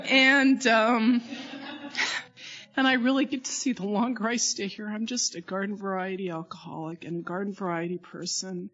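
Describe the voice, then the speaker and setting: A woman sharing candidly and haltingly at a recovery meeting, poking fun at herself. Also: mid-range voice, fairly even intonation, a bit bright. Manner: candid, self-mocking, halting. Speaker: AA meeting speaker. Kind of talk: personal recovery share. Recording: dull lo-fi tape.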